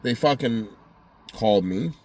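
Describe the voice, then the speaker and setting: A man's voice: mid-range voice, lively intonation, unhurried, a little mellow, slight background noise. A man rambling through a heated, profanity-filled personal story as a vlogger. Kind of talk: casual storytelling monologue.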